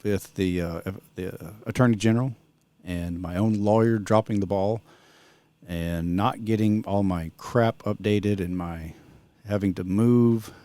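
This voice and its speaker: Middle-aged man, low and warm, chatty vlogger who wanders off on tangents, dry close sound. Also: measured pace, no room sound. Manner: rambling, drifts onto sidetracks. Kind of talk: casual vlog chat.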